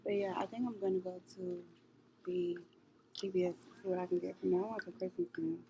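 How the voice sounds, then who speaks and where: A young woman vlogger in casual chat to camera, rambling and animated, full of slang and fillers. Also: lowish voice, fairly quick, creaky, slight background noise, low-quality recording.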